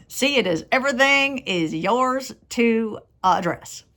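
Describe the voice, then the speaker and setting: A woman's voice: on the high side, lively intonation, slow pace, fairly bright tone, pitched above the performer's own voice, exaggerated voice. A woman voicing a folksy Southern man with a Southern US accent who gives humorous wisdom in a motivational monologue, repeating encouraging phrases. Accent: Southern US, Tennessee-like.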